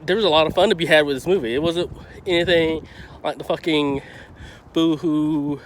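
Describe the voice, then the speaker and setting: A man rants through a casual movie review, swearing constantly and rambling between thoughts. His voice sits a little high for a man, with faint street and traffic noise around him outdoors. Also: moderate pace. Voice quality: profane, heated, rambling.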